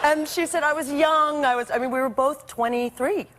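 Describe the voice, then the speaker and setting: A woman on a talk show, telling a personal anecdote in a lively, animated way. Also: high voice, normal speed.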